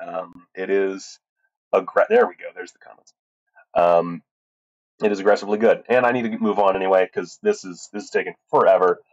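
A man's voice: sits low, darkish tone. A man hosting a casual solo film podcast, rambling with many fillers and restarts and swearing freely. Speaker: podcast host reviewing films. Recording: tinny wrong-mic recording.

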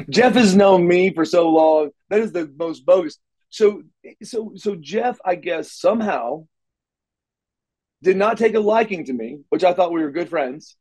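A man telling wrestling stories in a casual interview, animated and acting out quotes, stumbling over repeated words. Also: fairly high pitch, normal speed, rough recording. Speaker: wrestler guest.

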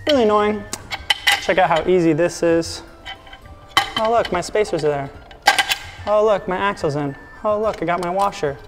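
A man's voice: high-pitched, moderate pace, long pauses, lightly acted. A man putting on a hammy, cheerful Irish accent as a jokey bearded builder. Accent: put-on Irish. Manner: playful, jokey sales patter. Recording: reverberant room, faint music.

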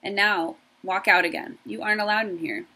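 A woman voicing a big young male guard rat, blunt, loud and rude, with a husky, gravelly voice. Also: mid-range voice, fairly quick, rough recording. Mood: stern.

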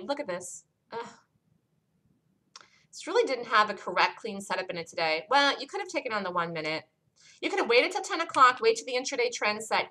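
A woman's voice: mid-range voice, bright, forceful tone, poor audio. A woman leading a live stock-chart review for traders, talking emphatically, repeating her points and asking listeners for questions. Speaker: trading room leader.

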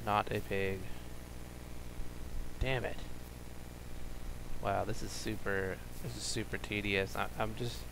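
A man streaming a video game live, talking to himself as he plays and breaking into loud, frustrated, swearing outbursts. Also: on the low side, flat delivery, slow, creaky, pauses often, background noise. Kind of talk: live gameplay commentary.

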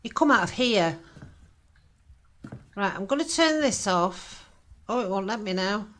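A woman's voice: mid-range voice, expressive, measured pace. A woman giving nervous, jumpy commentary while playing a horror game, swearing and laughing at her own frights. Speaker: gaming channel host.

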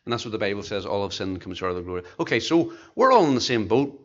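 A man with a Tennessee Southern accent preaching a sermon as pastor, with emphatic, slow stressed phrases and rhetorical questions. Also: fairly low pitch, big pitch swings, highs cut off. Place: church sanctuary.

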